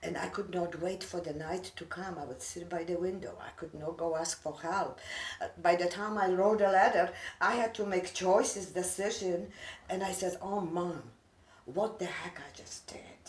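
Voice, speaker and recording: A woman's voice: lowish voice, fairly even intonation, normal speed. Earnest older immigrant woman, echoey. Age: 60s. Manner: earnest, broken English, heartfelt. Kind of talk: emotional personal talk. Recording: echoey room, mic far off.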